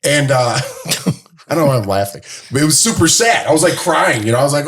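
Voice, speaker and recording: Casual man telling an animated story. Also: quick pace, a little hiss or hum. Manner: animated storyteller, acts out quotes in a higher voice. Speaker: podcast co-host. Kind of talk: casual chat.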